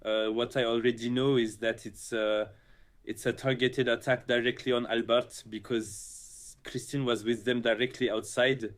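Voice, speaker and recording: A man recording a statement for his followers in a plain, mid-pitched voice. He hesitates often, restarting phrases and filling pauses with uh. The delivery is earnest and unpolished. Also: flat delivery. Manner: hesitant, many uhs and restarts. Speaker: content creator.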